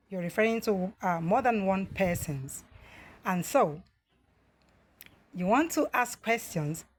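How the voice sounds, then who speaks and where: A woman from Nigeria with a Nigerian English accent, teaching a grammar lesson. She speaks slowly and deliberately, reads out model sentences and pauses often on "uh". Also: fairly high pitch. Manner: slow, deliberate model sentences with frequent "uh" fillers.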